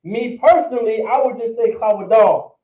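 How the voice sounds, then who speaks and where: A man's voice: very high voice, moderate pace. A man teaching a language class, repeating words and often checking in with his students. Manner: repetitive, checks in with "all right?". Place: classroom or meeting room. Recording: roomy, distant, phone-like sound.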